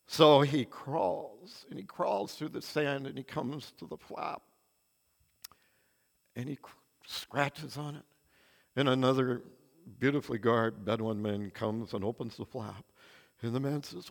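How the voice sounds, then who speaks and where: A man's voice: medium pitch, measured pace, creaky, long pauses. An older man preaching a sermon in a church, telling stories with earnest, dramatic swings of emphasis. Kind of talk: sermon with anecdotes. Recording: long reverb of a large hall.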